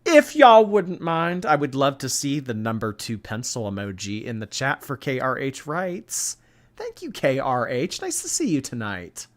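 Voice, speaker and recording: Sarcastic man with a bright, lively voice. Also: medium pitch, moderate pace. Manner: sarcastic, blunt and profane. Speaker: streamer commentary host. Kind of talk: live-stream commentary.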